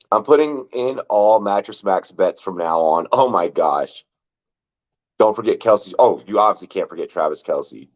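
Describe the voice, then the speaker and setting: Rambling low-voiced man on sports talk. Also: lively intonation, moderate pace. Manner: rambling, stacks of "like" and repeats, swearing. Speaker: fantasy football podcast host. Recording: dull lo-fi sound.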